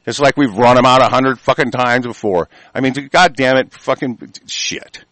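A man hosting his own show tears into an angry, profane rant. His voice sits at an ordinary middle pitch, and he stammers through restarts as he lurches between shouting and growling under his breath. The recording is dry, with no room echo. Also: a little fast. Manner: swearing constantly, stammering restarts, swinging from yelling to muttering.

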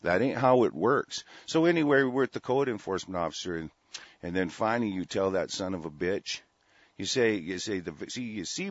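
A man hosting a talk show, delivering an angry, profane political rant in a heated, forceful way. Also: sits low, animated, brisk, no echo. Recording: dull, dry lo-fi sound.

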